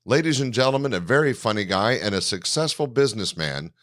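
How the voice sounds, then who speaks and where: A man's voice: fairly low pitch, expressive, brisk, fairly bright tone, dry recording, clean studio sound. A man hosting a comedy show, introducing the acts with upbeat announcer-style delivery. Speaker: host.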